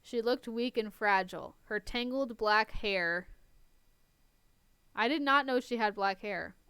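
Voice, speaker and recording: A smooth, clear young woman reading aloud and chatting. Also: fairly high pitch, measured pace, fairly bright tone, dry recording. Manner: chatty, laughs between lines. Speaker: host reading a story aloud. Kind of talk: casual reading with commentary.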